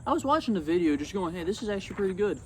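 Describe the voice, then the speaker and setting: A young man talking casually about his old video on his phone outdoors, rambling and excitable. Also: high-pitched, very fast, a little hiss or hum. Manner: rambling and excitable, swats at bugs. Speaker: YouTuber. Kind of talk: casual vlog commentary. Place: outdoors among insects.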